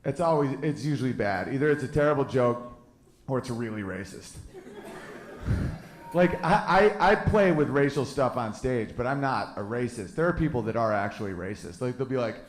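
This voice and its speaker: A man's voice: mid-range voice, expressive, moderate pace. List: man, stand-up comedian, brash and profane, echoey club stage. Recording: roomy club echo.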